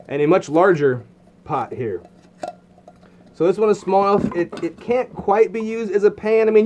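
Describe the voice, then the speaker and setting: A man's voice: fairly high pitch, darkish tone, slight background noise. A man giving casual, rambling commentary while unboxing outdoor gear, with lots of fillers and restarts.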